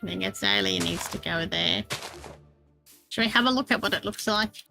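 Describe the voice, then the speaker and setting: A woman's voice: mid-range voice, normal speed, gravelly, music in the background, poor audio. A woman chatting casually while she plays and builds in a game, self-deprecating and laughing often. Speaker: Minecraft streamer. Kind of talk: casual gameplay chat.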